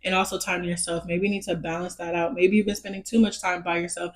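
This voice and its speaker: A woman's voice: on the low side, little pitch movement, fast. A woman giving a casual pick-a-card tarot reading straight to her viewers, reassuring them, repeating her points and checking in with "okay?". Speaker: tarot reader.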